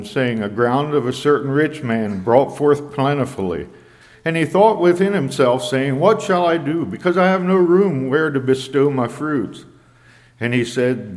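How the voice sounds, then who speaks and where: Slow, measured male preacher in a reverberant hall. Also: mid-range voice, darkish tone. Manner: slow, measured preaching with scripture quoted in old English. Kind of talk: sermon.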